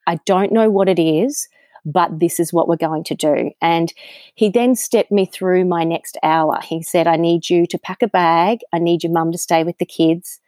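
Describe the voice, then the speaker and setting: Candid Australian woman, low voice, dry. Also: fairly even intonation, normal speed, darkish tone, no echo. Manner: candid storytelling with frequent ums. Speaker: guest. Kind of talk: conversational interview.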